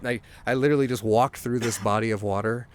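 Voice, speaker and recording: A man talking outdoors as a guest, spinning a long, rambling story at a mid pitch. He swears freely and slips into the voices of the people he's quoting. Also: fast talker, a little hiss or hum. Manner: rambling, animated, swearing, acts out quotes. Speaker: guest songwriter. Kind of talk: casual anecdote telling.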